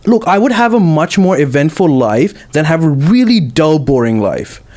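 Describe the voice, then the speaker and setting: A man's voice: fairly high pitch, sing-song, moderate pace, a little mellow. A young man co-hosting a podcast, defending his view firmly and insistently. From Australia. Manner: firm, insistent. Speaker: podcast co-host. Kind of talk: casual chat.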